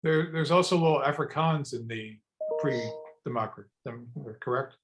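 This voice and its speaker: A man with a middle-range voice, asking quick, direct questions in a meeting. He repeats words as he goes. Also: medium pitch, noisy background. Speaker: meeting member.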